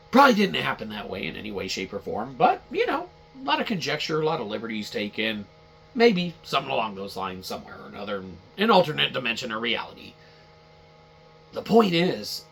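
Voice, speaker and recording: A man's voice: medium pitch, vocal fry, bright, forceful tone, slight background noise. A man hosting a podcast, ranting casually about a video game in a rambling, profane, repetitive way. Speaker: podcast host. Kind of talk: casual game-review rant.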